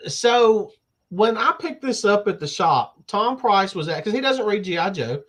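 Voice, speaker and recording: A laid-back man with a fairly high voice, telling stories in casual chat about comics. He talks easily and unhurried, recounting things step by step. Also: animated, a bit bright. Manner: storytelling, laid-back with laughs. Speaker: podcast co-host.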